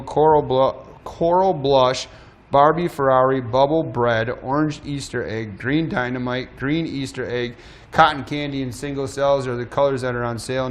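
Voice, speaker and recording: A man hosting a live shopping show, pitching deals in an energetic, emphatic sales voice, slightly out of breath. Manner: energetic, emphatic promo delivery.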